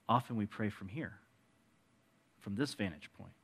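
A man preaching a sermon as pastor, dropping to hushed asides and rising into emphatic appeals, with joking asides to the congregation. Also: lowish voice, moderate pace, vocal fry, slightly rough.

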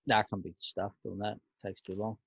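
A man's voice: fairly low pitch, level tone, brisk, vocal fry, fairly bright tone, husky, no room sound, muffled recording. Laid-back man co-hosting a podcast. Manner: laid-back, blunt, slangy. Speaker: podcast co-host. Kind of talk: casual banter.

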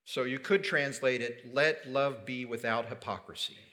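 A man delivers a sermon from the pulpit with a bright, forward tone. He keeps it conversational, throws questions to the congregation and slips in light humor. His pitch sits in a typical middle range. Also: normal speed. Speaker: pastor.

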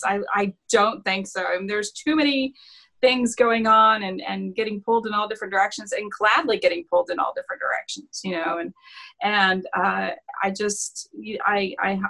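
Woman writer w a gravelly voice, chatting casually, lots of uhs and pauses. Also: medium pitch, a bit bright. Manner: halting, many fillers. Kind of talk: casual chat.

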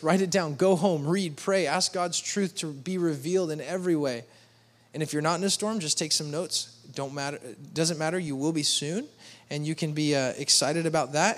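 Earnest higher-voiced male preacher. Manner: earnest, pleading, with quoted voices raised in pitch. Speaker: pastor. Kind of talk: sermon.

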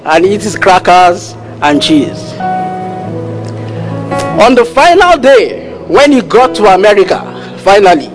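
A man preaching a sermon as a pastor, telling stories and acting out the dialogue of their characters with animated pitch jumps. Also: unhurried, music in the background. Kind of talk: sermon storytelling.

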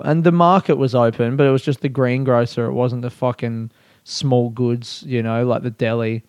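A man's voice: mid-range voice, fairly even intonation, a little fast, a little mellow, smooth, no echo. A young Australian man doing a rambling, profane, self-mocking comic monologue in casual chat. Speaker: comedian.

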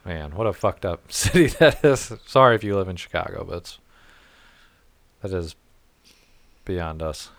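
A man's voice: low-pitched, lively intonation, normal speed, long pauses, fairly bright tone, no room sound. A man from the St. Louis area talking bluntly in a casual podcast chat, swearing and laughing often. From St. Louis area, United States.

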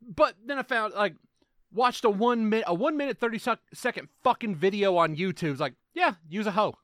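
A man vents in casual podcast talk, profane and worked up. His pitch jumps around a lot and sits a little high. The sound is dry and close. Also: brisk, no echo. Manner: animated, profane ranting. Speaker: podcast co-host. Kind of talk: casual chat.

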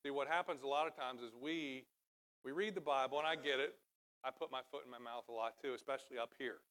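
A middle-aged man preaching a sermon from a church stage, talking conversationally and then building to loud, emphatic passages. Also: mid-range voice, quick pace. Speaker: pastor.

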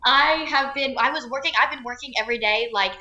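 Bright, chatty young woman in an echoey room. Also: high voice, fast, lo-fi sound. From New Jersey. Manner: chatty, laughing, many fillers like "like" and "um". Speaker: actress guest. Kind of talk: casual interview chat.

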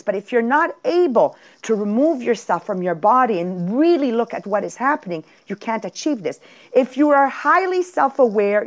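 A woman with a Quebec French accent, hosting a podcast and giving an emphatic motivational talk over a video call, repeating her points. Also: a little high. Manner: animated, emphatic, repeats herself. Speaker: podcast host.

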